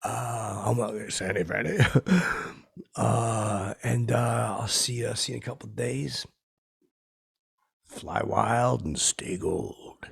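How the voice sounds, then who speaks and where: A rough, gravelly, very raspy voice carries this washed-up middle-aged comic, as a man puts him on in a podcast monologue. He rambles in loose, tactless asides. His boasting keeps tipping over into sentiment. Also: on the low side, fairly even intonation, takes it slowly, pauses often, full character voice. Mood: rambling. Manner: rambling, rough-spoken, tactless, lurching between bravado and sentiment. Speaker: podcast host.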